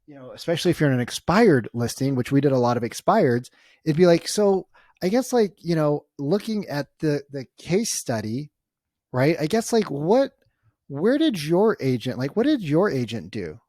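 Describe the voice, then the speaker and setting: Energetic coach who keeps asking "right?". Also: male voice, on the high side, moderate pace, no room sound, studio quality. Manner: acts out client conversations in storytelling bursts. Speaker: real estate coach. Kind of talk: casual coaching walkthrough of his slides.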